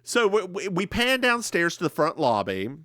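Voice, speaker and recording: A man co-hosts a podcast with a bright, fairly high voice that swings widely in pitch. He recaps a TV episode in casual chat with animated, theatrical storytelling, recorded close and dry. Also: moderate pace, no echo. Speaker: podcast co-host.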